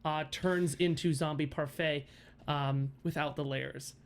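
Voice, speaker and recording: A male game master narrates a tabletop game on a livestream, his voice sitting a bit higher than most men's. He giggles often and rambles through ums and half-started phrases as he describes the action. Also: steady tone, measured pace, a little hiss or hum.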